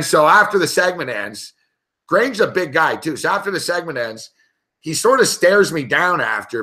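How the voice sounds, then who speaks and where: A man's voice: a little high, sharp tone. A man on a sports betting show telling a heated story in casual, profanity-heavy talk.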